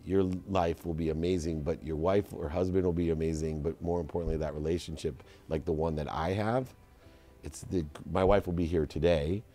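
A deep, warm-toned man speaks in a relaxed podcast conversation. He tells stories and leans on his advice by slowing down and stressing each point. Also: faint music behind. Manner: storytelling, slows down to stress advice. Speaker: guest entrepreneur.

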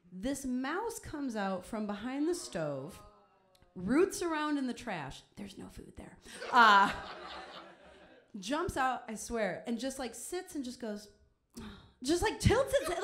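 A woman's voice: on the high side, fairly bright tone. Chatty self-mocking woman storyteller. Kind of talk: live comedic storytelling.

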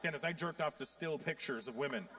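A man in his fifties performing profane stand-up comedy on stage, with sudden loud, high outbursts. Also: fast. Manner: profane storytelling.

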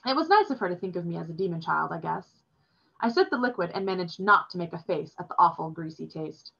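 A woman reading a novel aloud in a plain, steady storytelling manner, recorded with dull lo-fi sound. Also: lowish voice, fast, vocal fry, slightly rough.

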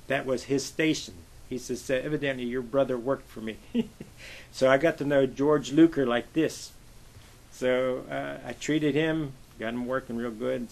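An older navy veteran from western Pennsylvania, USA, tells long, rambling anecdotes in an oral history interview, full of "uh" and "I says." His mid-range voice is gravelly, and the recording is rough.

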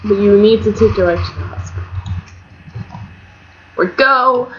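A young woman giving casual, chatty commentary on her own gameplay, swinging between mock outrage and excited squeals. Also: medium pitch, unhurried. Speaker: gamer narrating her let's play. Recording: dull lo-fi home mic with faint hiss.

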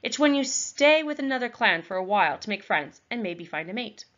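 A woman's voice: mid-range voice, sing-song, fairly quick, a bit bright, lo-fi sound. A woman reading aloud, voicing a guarded, scornful young clan girl.

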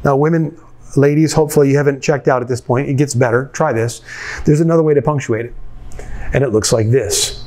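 In a medium-pitched voice and at a slightly fast clip, a male pastor gives a conversational sermon. He brings a scene to life as he retells it, talking straight to the people listening.

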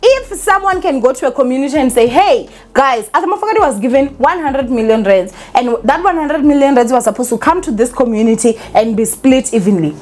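Woman, vlogger, lively swooping pitch, fairly high voice, opinionated chat. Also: a little hiss or hum. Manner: animated, opinionated, laughs often. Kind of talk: casual commentary vlog.

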